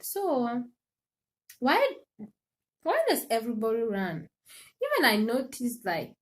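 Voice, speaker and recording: Chatty woman, slightly high voice. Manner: animated, laughs often, talks to viewers directly. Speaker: livestream host. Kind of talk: casual chatty monologue.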